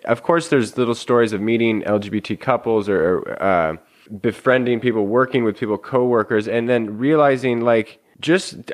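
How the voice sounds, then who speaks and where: A man in a casual conversation, speaking earnestly and reflectively with frequent restarts. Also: mid-range voice.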